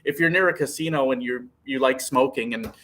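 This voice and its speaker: A man's voice: medium pitch, brisk, a bit bright. A man who drives trucks, chatting casually on a live stream, rambling in an easygoing way and answering viewers by name. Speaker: trucker vlogger reading live chat.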